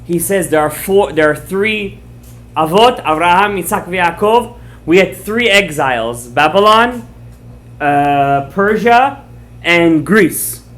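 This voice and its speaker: Animated male rabbi telling a story. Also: high voice, takes it slowly. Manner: animated storyteller, acts out quoted lines, checks words with the audience; mixes in Hebrew and Aramaic terms. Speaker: rabbi teaching a class. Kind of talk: Torah class storytelling.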